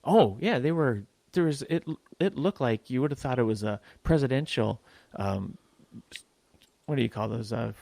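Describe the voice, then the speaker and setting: Man, podcast co-host, crude sarcastic jokes, gravelly, dry sound. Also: medium pitch, animated, moderate pace, a little mellow, dry recording. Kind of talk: casual chat. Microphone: new microphone.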